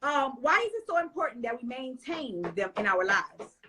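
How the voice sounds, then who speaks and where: A woman's voice: sits high, big pitch swings, normal speed, pushed and bright, slight background noise. A woman interviewing a guest on a casual live stream, chatty and enthusiastic, speaking to her audience as y'all.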